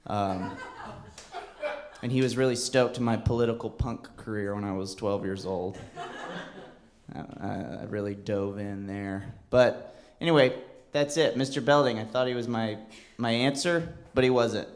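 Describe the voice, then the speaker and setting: Rambling male stand-up comic. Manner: rambling, halting delivery with bursts into a high wailing child voice. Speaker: stand-up comedian. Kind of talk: stand-up storytelling. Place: comedy club stage.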